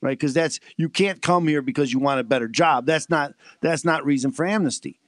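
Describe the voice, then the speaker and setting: A man's voice: fairly high pitch, brisk, no room sound. A man co-hosting a radio show, speaking casually and often stopping to restart his sentences.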